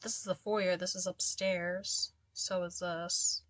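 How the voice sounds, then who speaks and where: A woman's voice: lowish voice, little pitch movement, slow pace, no room sound. Chatty young woman, dry close sound. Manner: chatty, exasperated ranting asides. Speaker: gameplay commentator. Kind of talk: casual let's-play commentary.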